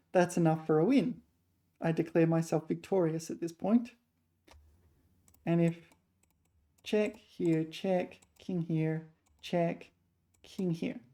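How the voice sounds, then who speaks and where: A woman works through chess puzzles out loud in a low, gravelly voice, a touch hoarse. She mutters her calculations in short fragments at an unhurried pace, and her tone stays dark and mellow. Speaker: chess player. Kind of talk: thinking aloud while solving chess puzzles.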